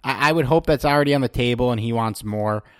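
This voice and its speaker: A man's voice: mid-range voice, fast, clear, resonant tone, no room sound. Man, podcast host, casual chat, dry close sound. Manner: relaxed, reads tweets aloud to his co-host.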